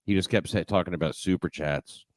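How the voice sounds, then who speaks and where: A man's voice: low voice, brisk, dry recording. A man hosting a casual late-night show, talking loosely with profane asides and laughter. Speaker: podcast host.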